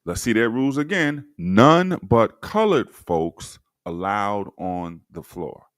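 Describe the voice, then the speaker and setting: A man with a low voice hosts a livestream and reads old documents aloud to his viewers, stopping often to comment sardonically. His delivery is slow and unhurried, but his pitch swings widely. The sound is dry and close, with no room echo. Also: very animated. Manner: sardonic, talks straight to viewers. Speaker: livestream host. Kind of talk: livestream history commentary, reading documents to chat.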